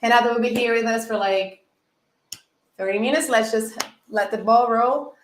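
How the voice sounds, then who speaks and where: A woman's voice: a little high, fairly even intonation, moderate pace, echoey room, a little hiss or hum, poor audio. A Brazilian woman with a Portuguese accent, co-hosting a livestream and explaining earnestly. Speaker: co-host. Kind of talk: casual livestream talk.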